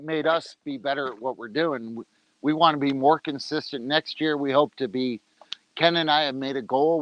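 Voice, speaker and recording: A man's voice: medium pitch, muffled recording. A man hosting a casual livestream outdoors, joking and talking while he eats. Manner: loose, joking, talks while eating. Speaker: organization leader on a livestream. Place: outdoors, rain coming.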